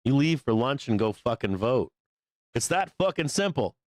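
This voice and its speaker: A man's voice: mid-range voice, sing-song, moderate pace, no echo. Profane, rambling male stream host. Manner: profane, rambling, laughs often. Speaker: livestream host. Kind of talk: casual rant on a live show.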